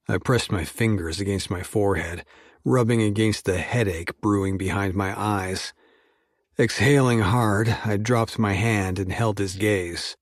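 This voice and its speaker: A male audiobook narrator reading in a measured, steady first-person voice. His pitch sits low and his pace is unhurried, recorded dry and close. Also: dry recording.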